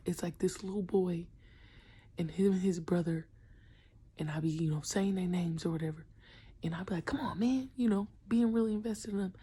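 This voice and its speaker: A fairly low, breathy-edged female voice speaks fairly quickly. She's a young basketball coach vlogging in a relaxed, slangy way, often half-whispering, and she animatedly acts out children's voices.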